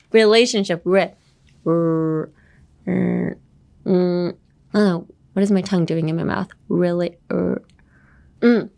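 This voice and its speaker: A woman's voice: lowish voice, steady tone, slow pace, creaky, pauses often, warm tone. Playful woman teaching English. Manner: playful, teasing, laughs often; switches between English and Japanese. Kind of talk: podcast English lesson.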